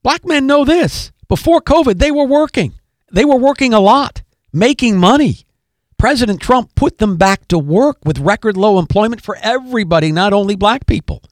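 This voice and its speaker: A podcast host with a high-pitched, expressive voice delivers an emphatic political commentary monologue at a moderate pace. He repeats key phrases and speaks directly to his listeners. The recording is dry, with clean studio sound.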